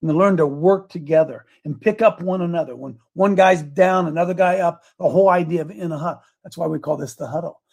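A man's voice: fairly high pitch, a little fast, gravelly, hardly any pauses, darkish tone. A man of seventy giving a casual, rambling devotional talk as host, folksy and chuckling, speaking straight to his viewers. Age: 70s. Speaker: host of a daily faith talk show.

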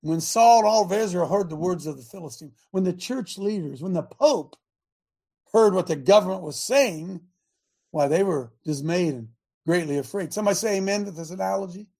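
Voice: medium pitch, normal speed, gravelly, dark tone, slightly rough. A preacher delivering a dramatic sermon, retelling scripture loosely and calling the congregation to answer amen.

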